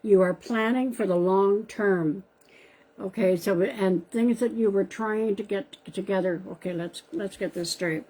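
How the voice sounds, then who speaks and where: Woman psychic on a live stream, husky, mellow, chatty, calls viewers by name. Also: medium pitch, measured pace, rough recording. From Canada. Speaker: psychic medium. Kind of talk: live-stream card reading. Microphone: live-stream device mic.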